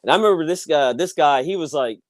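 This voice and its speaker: A man's voice: fairly high pitch, lively intonation, quick pace, no room sound. A man hosting a laid-back interview, with plenty of fillers. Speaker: interview host and former referee. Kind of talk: casual interview chat.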